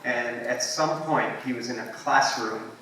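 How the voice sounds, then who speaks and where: A man with a bright, clear-edged voice gives a relaxed, story-driven keynote, easing along with ums and friendly asides. He is picked up from a distance in a large, strongly echoing hall. A faint hum of noise sits under the sound. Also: medium pitch, a little slow. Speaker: invited guest speaker. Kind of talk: conversational storytelling keynote talk.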